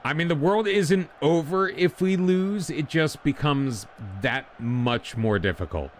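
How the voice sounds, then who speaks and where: Man, game commentary, lively swooping pitch, slow and drawn out, exasperated, faint background hiss. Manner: frustrated, exasperated, talks back to the game. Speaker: gaming channel host.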